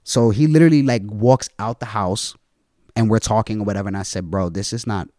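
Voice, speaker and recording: Man, podcast guest, lowish voice, casual, swears, fillers everywhere, dry room. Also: brisk, warm tone, no room sound. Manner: casual, swearing, heavy use of "like". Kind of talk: emotional storytelling in a podcast interview.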